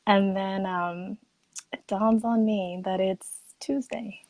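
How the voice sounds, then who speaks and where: A woman speaking as a guest expert in a casual livestream chat. She tells her stories with animated energy, laughing easily and acting out quoted lines. The sound is dry and close. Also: lowish voice, normal speed, creaky, dry recording.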